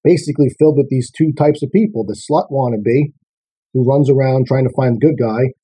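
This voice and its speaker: A man hosting a casual talk show, ranting and listing his points in a steady flow. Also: mid-range voice, fairly quick, husky, poor audio.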